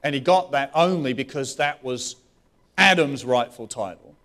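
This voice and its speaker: A man preaching a sermon as pastor, animated, with restarts and rising questions. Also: mid-range voice, normal speed. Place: church.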